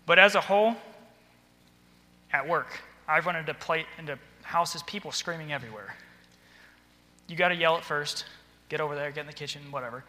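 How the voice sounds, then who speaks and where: A man giving a practical training talk to church workers, acting out stern and soft examples as he goes. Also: fairly high pitch, a little fast, long pauses. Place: church auditorium. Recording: hall reverb.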